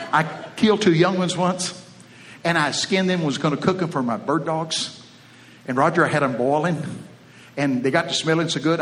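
A man's voice: a little high, a bit bright, a little hiss or hum. Folksy Texan preacher man. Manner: folksy, joking, drawling Southern phrasing. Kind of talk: folksy sermon with storytelling.

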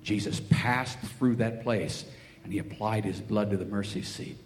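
Preaching a sermon at a moderate pace, this man has a fairly low pitch and a steady tone, narrating Bible stories and voicing each character's quoted lines. Faint ambient noise and a long hall reverb fill the recording.

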